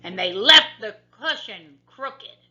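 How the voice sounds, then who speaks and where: Woman playing a gruff, booming father bear for a storybook; bright, lively tone, dull lo-fi sound. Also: takes it slowly, full character voice. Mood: grumpy. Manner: growling, booming. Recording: dull lo-fi recording.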